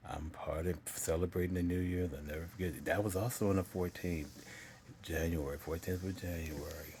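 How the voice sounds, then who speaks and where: A middle-aged man earnestly telling his own story in a vlog, halting and repeating himself as he pauses to collect himself. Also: low voice, fairly even intonation, a little mellow, slight background noise. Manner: earnest and emotional. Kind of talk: personal confessional storytelling.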